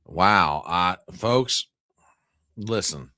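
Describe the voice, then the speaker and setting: A man's voice: deep voice, lively intonation, drawn-out words, pushed and bright, no room sound, studio quality, soft background music. A man hosting a live news stream, joking with his chat in exaggerated mock outrage. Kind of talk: joking livestream commentary.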